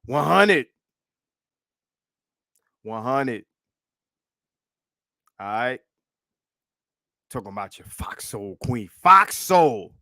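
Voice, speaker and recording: A man's voice: medium pitch, animated, very slow, creaky, long pauses, bright, forceful tone, dry recording, clean studio sound. Mocking, profane male livestream host. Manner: profane, mocking, laughs often. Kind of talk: casual livestream commentary.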